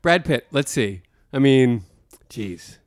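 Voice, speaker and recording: A man's voice: medium pitch, lively intonation, takes it slowly, dry recording. A man co-hosting a podcast, chatting casually with wry, teasing banter. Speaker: podcast co-host. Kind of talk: casual chat.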